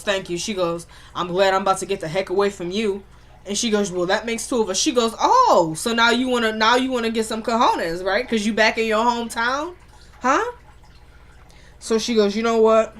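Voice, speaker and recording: A woman's voice: medium pitch, fairly bright tone. A woman casually recapping a TV drama episode, retelling scenes and acting out the characters' lines in a chatty way. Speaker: TV recap vlogger.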